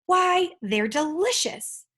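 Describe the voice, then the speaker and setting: A polite, gentle male dragon from a children's storybook, grateful and a little worried, voiced by a woman reading aloud. The tone is soft, slightly high and husky. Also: animated, moderate pace, full character voice.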